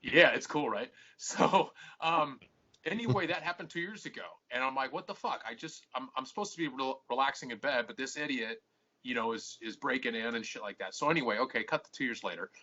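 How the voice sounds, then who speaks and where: Sharp, husky man swearing through a story. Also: medium pitch, brisk. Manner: swears constantly, acts out both sides of arguments. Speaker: podcast host. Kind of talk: rambling profane storytelling. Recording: muffled lo-fi podcast audio.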